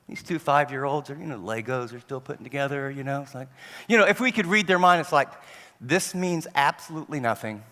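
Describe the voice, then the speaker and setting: A man preaching a sermon on parenting, telling stories and acting out parents and children in an animated way. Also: on the high side, fast talker. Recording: long hall reverb.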